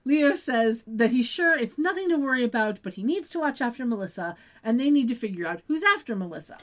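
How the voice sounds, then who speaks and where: A woman co-hosting a podcast, retelling a TV episode in relaxed, agreeable casual chat. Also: on the high side, a little fast. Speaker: podcast co-host.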